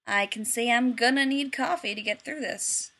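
A woman voicing a tired, husky hungover man who speaks softly in an audiobook reading. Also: fairly high pitch, moderate pace. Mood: weary. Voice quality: husky, croaky.

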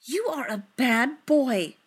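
A woman's voice: fairly high pitch, big pitch swings, slow, breathy edge, full character voice. A woman reading the part of a playful young male dwarf who coaxes a kitten in a sing-song voice. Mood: coaxing.

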